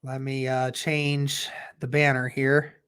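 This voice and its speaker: Fan livestream host doing play by play, mid pitch, kinda halting and measured. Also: flat delivery, a bit bright, clear, resonant tone. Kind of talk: casual livestream play-by-play commentary.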